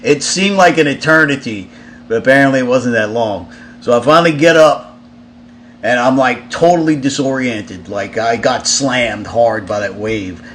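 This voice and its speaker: A man's voice: medium pitch, moderate pace, fairly bright tone, slight background noise. A man, a touring musician, casually telling a story in a loose, profane way, with lots of fillers and restarts.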